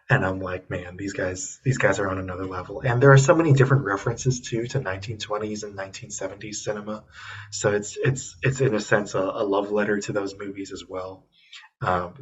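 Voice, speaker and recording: Man, podcast co-host, casual chat, rambling, enthusiastic, lots of fillers, faint background noise. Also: lowish voice. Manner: rambling and enthusiastic, full of ums and restarts. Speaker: podcast co-host reviewing films. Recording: distant, dull lo-fi mic with faint noise.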